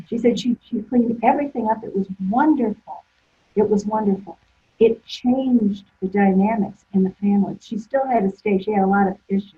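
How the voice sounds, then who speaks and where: A woman's voice: medium pitch, normal speed, breathy edge. A woman therapist guest telling stories in a rambling way, full of restarts. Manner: rambling, with many restarts and fillers. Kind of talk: conversational storytelling. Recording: tinny phone-like line.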